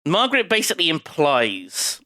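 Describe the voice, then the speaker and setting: A man's voice: fairly high pitch, huge pitch swings, moderate pace, pushed and bright, no room sound. A man co-hosting a podcast, recapping a film in a wry, casual way with some swearing. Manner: wry, swearing, puts on character voices. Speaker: podcast co-host.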